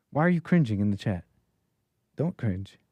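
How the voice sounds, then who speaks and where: A man's voice: lowish voice, very animated, moderate pace, warm tone, no echo. A man hosting a live stream, reacting to a video clip in casual, sarcastic and rambling commentary that often repeats itself.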